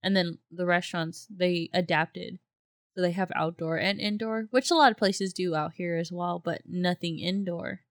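Woman, lowish smooth voice, chatty, casual talk, dry close recording. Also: moderate pace. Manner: chatty, laughs along, echoes the other speaker's words. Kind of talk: casual chat.

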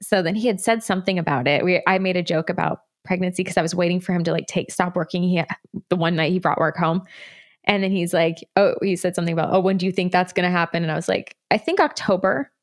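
A woman's voice: on the low side, steady tone, quick pace. A woman in her thirties telling a personal story in a candid, rambling way, with laughs along the way. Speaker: guest.

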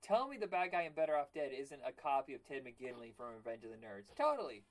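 A man co-hosting a casual movie podcast over a remote call, rambling and animated, swearing now and then. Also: medium pitch, quick pace. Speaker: podcast co-host.

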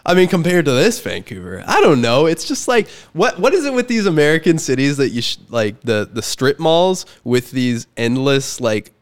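A man's voice: on the high side, sing-song, moderate pace, hardly any pauses. A young man in casual podcast chat, telling a story in a loose, rambling way full of fillers. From Canada. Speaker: podcast guest.

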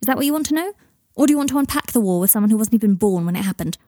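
An earnest, protective young wizard, read by a woman in a storybook reading. The voice is mellow and warm. It is recorded close and dry. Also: on the high side, lively intonation, fast, creaky, husky, no room sound, full character voice. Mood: indignant. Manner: earnest, rising to indignant outbursts. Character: young man Harry, a kind, protective wizard.

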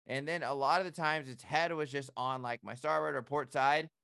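A man co-hosting a podcast, telling a lively story in casual chat and acting out his own reactions. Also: on the high side, normal speed, gravelly, clean tone, no echo, studio quality. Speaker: boat operator and podcast co-host.

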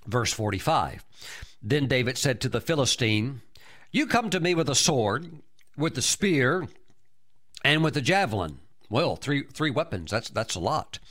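A man's voice: medium pitch, animated, measured pace, fairly bright tone. A man preaching a sermon, emphatic, breaking into exclamations of praise and often repeating and restarting his words.

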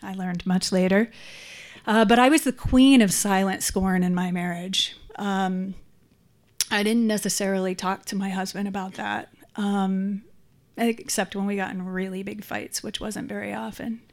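A woman's voice: mid-range voice, fairly even intonation, a little slow. A middle-aged woman giving a candid, reflective personal share at a support group meeting, with frequent ums. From San Francisco Bay Area. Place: meeting room.

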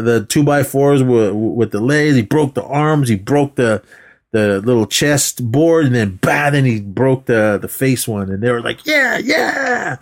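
A man casually recapping a movie on a podcast, rambling and acting out the characters' lines. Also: mid-range voice. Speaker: podcast co-host.

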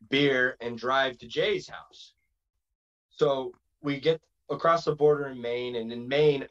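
A man, a pro wrestler guest, telling stories in a casual interview, lively and quick to slip into quoted voices and asides. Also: medium pitch, dull audio.

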